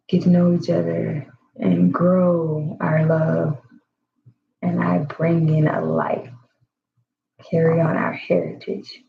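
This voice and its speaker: Vlogger, female, low gravelly voice, slow and reflective personal monologue, lo-fi sound. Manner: slow, reflective, with frequent fillers and soft laughs.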